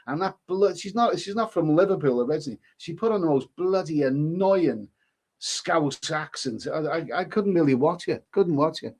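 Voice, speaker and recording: A man's voice: on the high side, expressive, normal speed, darkish tone. A man chatting casually on a live stream, reading out comments and rambling with frequent stumbles and repeated words. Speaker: livestreamer reading chat comments.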